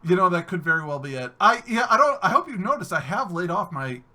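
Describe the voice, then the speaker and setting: Bright, high-pitched male podcast host from New York State, lively and chatty, slips into voices for his stories. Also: fast talker. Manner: animated storyteller, acts out other voices. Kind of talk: casual chat.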